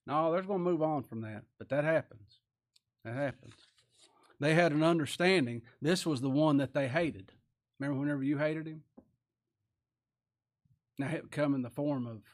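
A man preaching a sermon in a folksy, animated way, reading scripture slowly and with emphasis, then dropping to near-quiet asides. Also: on the high side. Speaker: pastor.

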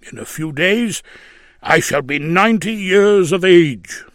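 A man's voice: high-pitched, animated, measured pace, a bit bright, dry recording, studio quality, pitched above the performer's own voice. A man doing a joyful ninety-year-old believer. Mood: content. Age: older. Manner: plain dialect speech, joyful and earnest. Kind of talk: reading aloud a story.

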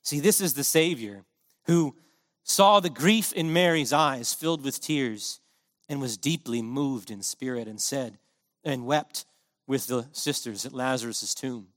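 A man's voice: mid-range voice, measured pace, a bit bright, in a large hall. A man preaching a sermon in an earnest, impassioned way, driving his points home with emphatic repetition.

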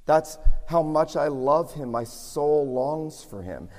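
A man's voice: fairly high pitch, expressive, slow, a little mellow. A pastor preaching a sermon, a man with a somewhat scratchy voice who builds earnestly to emphatic peaks. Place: church sanctuary. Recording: long hall reverb.

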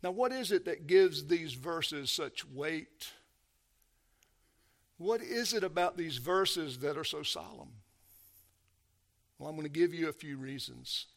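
A man preaching a sermon, emphatic, swinging from hushed to loud and urgent, calling his listeners beloved. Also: a little high, takes it slowly, vocal fry, pauses often.

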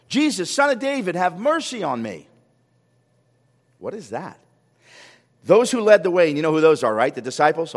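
A man preaching a sermon as a pastor, animated, firing rhetorical questions and repeating words when he gets excited. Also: on the high side. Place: church sanctuary. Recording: long hall reverb.

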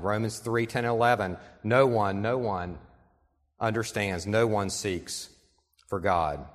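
A man preaches in a church sanctuary, his mid-pitched voice carrying earnest conviction as he reads quotations aloud. He slows down to press key points home. The sound trails off into the long reverb of a large hall. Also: fairly bright tone. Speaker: pastor. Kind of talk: sermon.

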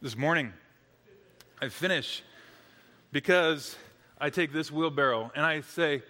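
A man's voice: a little high, measured pace, long pauses, pushed and bright, big-room sound. A man preaching a sermon as a dramatic story, dropping to near-whispers at the tense moments.

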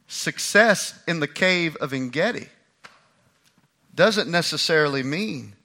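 A man's voice: a little high, bright, forceful tone. A man preaching a sermon, walking through a Bible passage and acting out the lines he quotes. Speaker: pastor.

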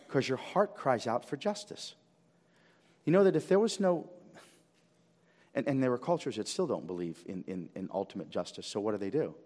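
A male pastor preaching a sermon with animated swings of pitch and volume, often repeating words as he builds. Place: church sanctuary. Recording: long reverb of a church hall.

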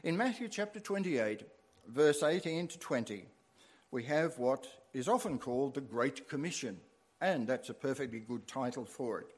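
Animated male preacher. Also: mid-range voice, normal speed. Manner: animated, rising emphasis on key words. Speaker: pastor. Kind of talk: sermon.

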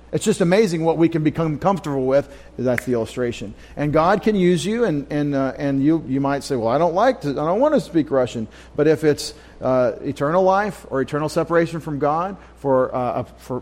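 A man's voice: a little high, darkish tone. A man teaching a Bible study in a conversational, storytelling way, often asking his listeners questions. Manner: conversational, anecdotal, asks the audience questions. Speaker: pastor. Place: church.

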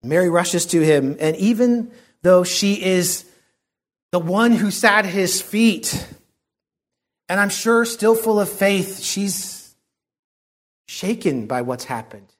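A man preaching a sermon in an earnest, reflective way, often dropping to a soft hush. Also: high voice, expressive, slow, long pauses.

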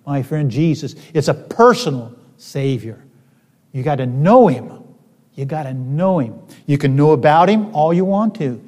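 A man's voice: on the high side, animated, moderate pace, a little mellow. A male pastor telling a personal story in a sermon, in a folksy, conversational way with many fillers and sudden emphatic peaks. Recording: reverberant hall.

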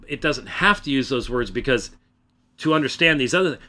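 Man host, solo commentary, loud and emphatic, bright voice with lively pitch. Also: fairly quick. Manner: emphatic, loud, keeps restarting sentences. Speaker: host of a religious debate program. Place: small room, away from the usual studio. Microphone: microphone close by.

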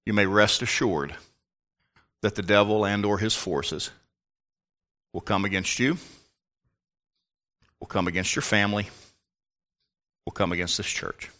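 A man's voice: lowish voice, a little slow, long pauses, sharp tone. An older man, a pastor, preaching a sermon in an emphatic, folksy way with asides to the congregation.

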